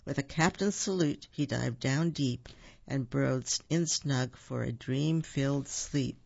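A storybook reader reads a children's tale aloud and pauses with ums to explain words. The voice has a gravelly rasp. The recording is dull and dry, with no room echo. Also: medium pitch, a little mellow.

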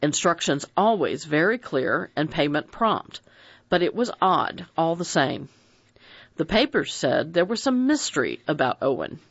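A narrator reading a mystery novel aloud in an expressive, dramatic audiobook style. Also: medium pitch, a little slow, slightly rough, no room sound. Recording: dry dull lo-fi recording.

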